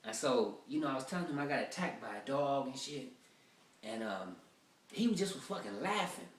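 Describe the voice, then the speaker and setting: Telling rough-draft stand-up stories that ramble and curse, a male comedian speaks at a moderate pace in a medium-pitched voice with big pitch swings. A distant mic leaves a roomy sound.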